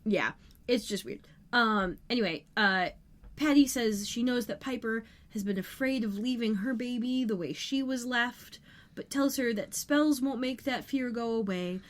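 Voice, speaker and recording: A woman co-hosting a podcast, chatting casually as she recaps scenes of a TV episode with quick asides. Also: on the high side. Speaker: podcast co-host.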